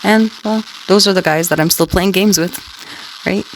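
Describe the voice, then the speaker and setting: A woman's voice: mid-range voice, moderate pace, a little hiss or hum, poor audio. A woman rambling crudely to her livestream listeners, taunting them and tagging her sentences with questions. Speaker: scanner livestreamer talking to listeners. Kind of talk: rambling casual monologue.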